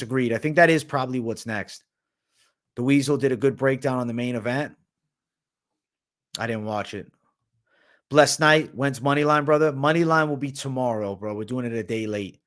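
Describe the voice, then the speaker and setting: Young man, livestream host, casual chat, reads chat questions, says bro a lot, blunt. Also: medium pitch.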